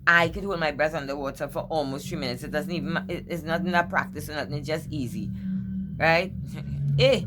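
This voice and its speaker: A woman vlogger speaks in a husky, deep voice. She chats casually and teasingly, drawing out key words for effect. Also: over music. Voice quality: husky low voice. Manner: playful, teasing, with drawn-out emphasis. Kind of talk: casual opinion vlog.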